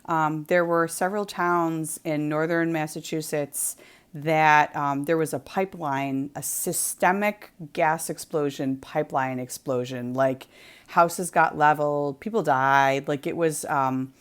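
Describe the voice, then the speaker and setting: Chatting casually during a craft livestream at home, close to the kitchen, a woman from New England rambles through a story peppered with ums and likes. Her voice sits low and steady, clean in tone, and a little slow.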